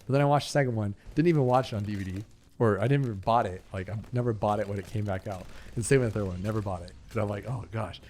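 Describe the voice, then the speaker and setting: Here the young gaming host speaks rapid-fire in a fairly low, darkish voice, with a little hiss or hum in the background. He rambles casually through his gameplay, chatty and heavy on fillers and asides.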